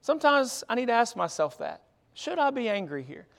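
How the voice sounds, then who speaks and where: Guy preaching in church, kinda high voice w/ gravel in it, chatty, keeps restarting words. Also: sing-song, brisk, a bit bright. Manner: conversational, repeats words when restarting. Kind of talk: sermon. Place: church sanctuary.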